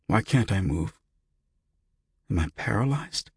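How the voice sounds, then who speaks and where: A man voicing a confused young graduate student with a raspy voice, demanding answers. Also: on the low side, expressive, a little slow, no echo, studio quality, pitched above the performer's own voice, full character voice. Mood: alarmed. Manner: demanding, frightened.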